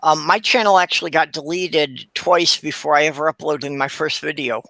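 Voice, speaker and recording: A man chatting on a live stream with a wry, deadpan sense of humor. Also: fairly high pitch, normal speed, vocal fry. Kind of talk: casual live stream banter.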